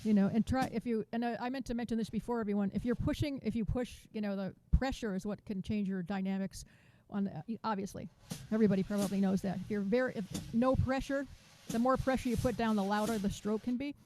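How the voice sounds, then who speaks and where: A woman teaching a drum masterclass over a video call, chatty and counting beats out loud. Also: medium pitch, steady tone, fast talker, few pauses, a little hiss or hum. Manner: chatty, restarts sentences, counts beats aloud.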